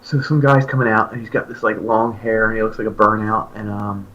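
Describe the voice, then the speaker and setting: A man in his thirties, a podcast co-host, telling a long story in casual chat and acting out his own excited remarks. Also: lowish voice, a little fast, lo-fi sound. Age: 30s. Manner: animated, jumps into loud excited quoted voices.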